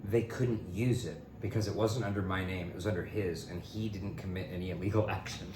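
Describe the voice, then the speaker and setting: A young man from Kentucky telling stories on a podcast in a casual, animated way, jumping into high voices to quote people. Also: a little fast. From Louisville, Kentucky. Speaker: podcast co-host. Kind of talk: casual storytelling chat. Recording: echoey room with background noise.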